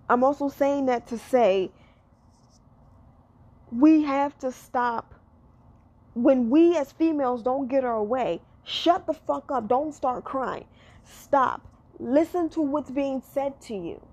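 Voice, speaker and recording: A woman with a high-pitched voice holds forth in a blunt, profane rant. She swears freely and keeps driving her point home by saying it again and again. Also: a little mellow. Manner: blunt and profane, repeats herself for emphasis.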